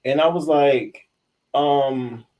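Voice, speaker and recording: A young adult man telling a school story in an animated, profane way, acting out the voices of the people in it. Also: medium pitch, very slow. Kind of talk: confessional storytelling.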